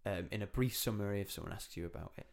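A young man hosting a casual film review chat, talking in a chatty, animated way and slipping into lively voices when he quotes scenes. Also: fairly low pitch, fast, gravelly. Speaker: podcast host.

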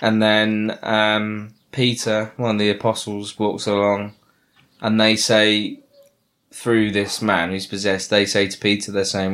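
A man, co-hosting a podcast in a casual chat, halting and restarting often and joking in slang. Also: on the low side, completely flat delivery, a bit bright. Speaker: podcast co-host.

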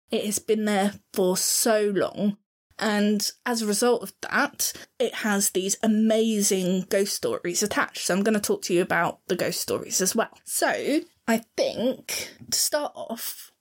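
A woman with a Southern English accent, talking in a casual podcast-chat style. Her pitch sits at an ordinary middle height for a woman. She rambles along warmly and self-deprecatingly, as if talking to a friend. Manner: chatty and self-deprecating, apologises for her pronunciation. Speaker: podcast co-host.

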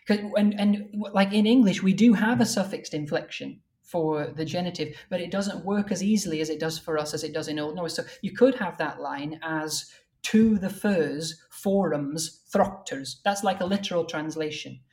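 A woman with a somewhat low voice talks through the craft of translating old verse. Her explanations are careful and thorough, and she slows right down to read poetry aloud. It sounds like an academic conversation. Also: a little mellow. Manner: careful and explanatory, reads verse lines slowly and deliberately.

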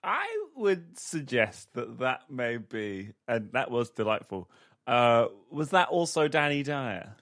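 A man co-hosting a comedy podcast, answering in a playful, deadpan way. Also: mid-range voice, slow. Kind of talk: casual improvised comedy.

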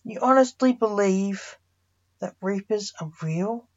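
A woman's voice: medium pitch, slow pace, lo-fi sound, natural voice. A woman voicing a doubting male prosecutor who keeps asking questions in disbelief. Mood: incredulous.

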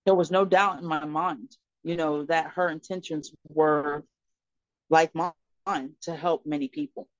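A woman guest on a podcast, telling a personal story in an earnest, expressive way. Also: deep voice, unhurried, no room sound. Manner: earnest and expressive, acting out dialogue in her story. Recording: slightly muffled, dry recording.

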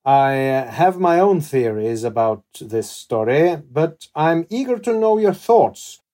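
Guy hosting a podcast, talks real slow and deliberate, mellow low tone. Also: sing-song. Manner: slow, measured, deliberate delivery. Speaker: podcast host. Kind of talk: scripted interview questions.

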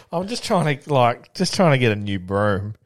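A man's voice: mid-range voice, no echo, studio quality. A man co-hosting a podcast in laid-back casual chat, swearing and laughing easily. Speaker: podcast co-host.

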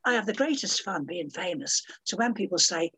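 A woman's voice: fairly low pitch, animated, a little fast, sharp tone, slightly rough, low-quality recording. A woman, talking as an interview guest in a blunt, bawdy and theatrical way. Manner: blunt, bawdy and theatrical, acting out quoted voices. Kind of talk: casual interview chat.

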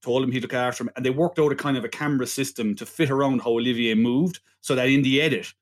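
A man's voice: medium pitch, steady tone, fast. A man co-hosting a film podcast in casual chat, rambling and jokey. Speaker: podcast co-host.

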